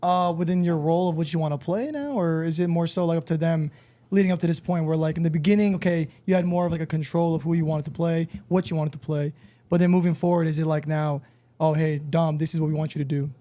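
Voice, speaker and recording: Male podcast host, raised pitch, long-winded questioner. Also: fairly even intonation, fast, dark tone. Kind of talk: casual chat.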